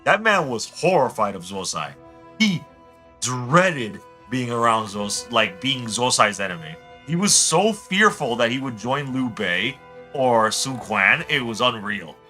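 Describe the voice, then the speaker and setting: A young man streaming a game, rambling excitably as he tells stories and chats. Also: medium pitch, measured pace, faint music behind. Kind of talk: casual gameplay chat.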